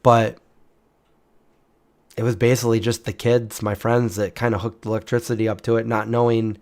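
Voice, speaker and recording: A man's voice: lowish voice, little pitch movement, moderate pace, a little mellow. A man in his forties telling a personal story in a casual, rambling way, full of restarts and fillers. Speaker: channel host.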